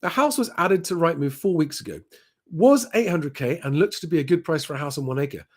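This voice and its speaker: A man's voice: fairly high pitch, animated, brisk, a little mellow. Chatty man answering viewer questions. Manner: chatty and plain-spoken, with frequent ums and restarts. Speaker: property advice host. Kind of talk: live Q&A, reading viewer comments aloud.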